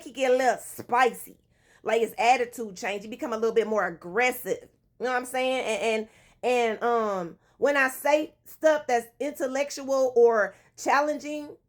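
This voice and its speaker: A young woman talks straight to her followers with a bright, high voice. Her pitch leaps all over as she tells a story in a casual, slangy way and swears freely. The delivery is dramatic and full of emphasis. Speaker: relationship advice vlogger.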